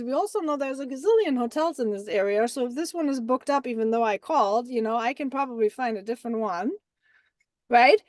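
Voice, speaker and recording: A woman with a German accent leading a mentorship group call, talking in a casual, animated coaching style full of "like" and "right?". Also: on the high side, no echo. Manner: animated and chatty, many fillers like "like" and "right?".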